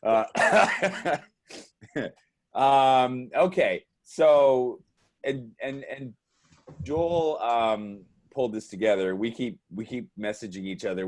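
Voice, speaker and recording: A man hosting a casual live video chat, excitable and chatty with many fillers, speaking over a video call. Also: medium pitch, slow pace. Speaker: livestream host.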